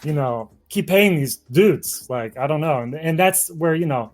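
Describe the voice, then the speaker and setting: A man's voice: fairly high pitch, expressive, normal speed, faint music behind. A man speaking as an activist guest in a casual interview, heated, profane and passionate, admitting he gets emotional.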